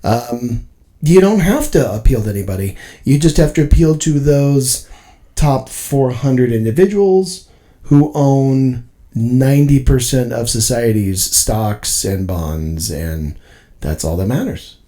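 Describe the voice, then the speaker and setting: A man's voice: medium pitch, slow pace, dark tone. A man co-hosting a podcast, opinionated and rambling in casual discussion. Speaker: podcast co-host.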